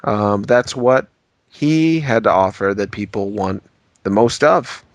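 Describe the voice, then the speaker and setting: Gravelly man rambling with hesitant asides. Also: lowish voice, lively intonation, slow, dry recording. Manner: rambling, hesitant, with many ums and restarts. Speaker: podcast co-host. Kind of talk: comedic podcast banter.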